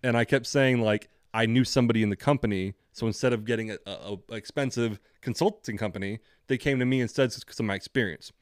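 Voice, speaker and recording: A young man on a podcast tells a story fast, with few pauses, in a medium-pitched, clean-toned voice. As co-host, he rants profanely and plays out both sides of the dialogue in this casual chat. It's a dry recording with clean studio sound.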